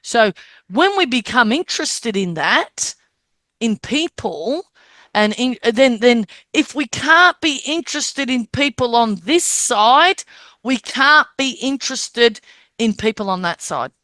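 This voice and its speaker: A woman's voice: on the high side, takes it slowly, no room sound. An Australian woman, a medium, teaching a group on a call and telling stories with acted-out dialogue. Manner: animated storytelling, acts out quoted dialogue.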